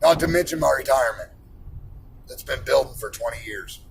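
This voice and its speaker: Blunt, profane man with a gravelly voice. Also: medium pitch, brisk, poor audio. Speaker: iron worker ranting on camera. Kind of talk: profane personal rant.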